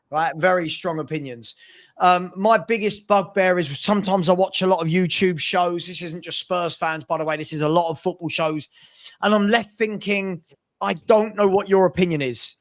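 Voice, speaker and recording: A man's voice: fairly high pitch, a bit bright. A man speaking as a guest on a livestream, emphatic and repeating his key phrases. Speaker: guest streamer. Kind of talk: casual livestream chat.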